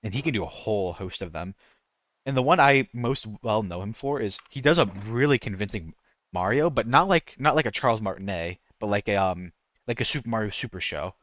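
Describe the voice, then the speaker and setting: Animated bright-voiced male streamer. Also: on the low side, a little fast, no echo. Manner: rambling, self-interrupting, tries out voice impressions. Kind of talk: casual gaming stream chat.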